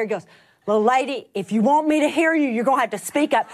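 A middle-aged woman telling a testimony as a sermon, animated, rising to laughing emphasis and dropping to hushed whispers. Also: high voice, fast talker, a faint crowd. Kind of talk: sermon storytelling.

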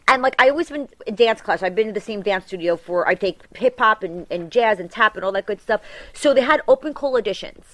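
A woman's voice: fairly high pitch, expressive, brisk, no room sound. A woman with a New York accent, chatting as an interview guest in a brassy way, acting out quotes with big jumps in her voice. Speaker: guest, reality TV personality. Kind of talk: casual interview chat.

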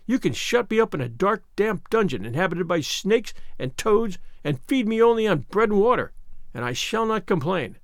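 Passionate, defiant orphan girl, read by a man, high and pleading. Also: big pitch swings, moderate pace, dry recording, studio quality.

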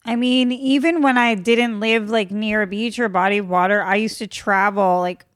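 Young woman hosting a podcast, blunt and deadpan, dry close sound. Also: medium pitch, normal speed, no room sound. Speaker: podcast host. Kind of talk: casual podcast chat.

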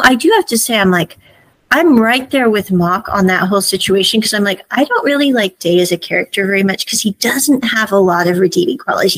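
A woman's voice: mid-range voice, no echo, low-quality recording. A woman hosting a podcast, recapping a series episode in a chatty, opinionated way. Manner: chatty and opinionated, full of "I'm like". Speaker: podcast host.

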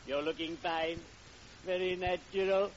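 Oily undertaker, formal and punning; vintage radio sound, muffled with hiss. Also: male voice, high-pitched, steady tone, a little slow. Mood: unctuous. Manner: unctuous, punning, grandly formal. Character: oily cheerful undertaker, middle-aged man. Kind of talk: 1940s radio acting. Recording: dull hissy old radio broadcast.

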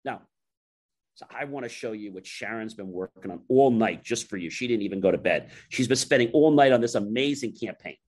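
A man's voice: on the low side, brisk, few pauses. A man, a talk show host, telling a business anecdote and acting out the conversations. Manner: animated, acts out dialogue. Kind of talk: storytelling anecdote.

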